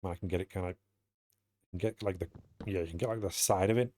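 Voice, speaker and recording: Young British streamer, low voice, rambling and self-mocking chat, a bit sweary. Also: male voice, steady tone, fast, darkish tone, a little hiss or hum. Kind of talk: casual streaming chat while playing.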